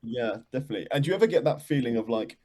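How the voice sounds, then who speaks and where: Mellow-voiced man, rambling and laughing. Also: medium pitch, expressive, rapid-fire. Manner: rambling, self-interrupting, laughs often. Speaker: band member, guest. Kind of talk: casual interview chat.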